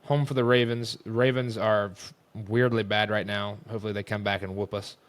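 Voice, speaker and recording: Exasperated young man ranting, low voice. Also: level tone, brisk. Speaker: host. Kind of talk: casual sports rant.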